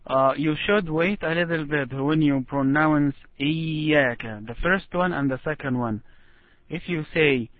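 A man guides a student through Quran recitation, modeling each phrase slowly and offering patient encouragement. His voice sits somewhat high. The audio is tinny and dry, like a video call line. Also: dry recording. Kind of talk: online recitation lesson.

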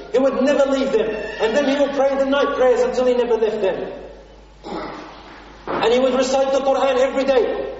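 A man's voice: extremely high pitch, a little mellow, lo-fi sound. A man preaching a sermon, retelling a story earnestly and with feeling, quoting the people in it, recorded from a distance in a large hall. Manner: earnest, emotive retelling with quoted dialogue.

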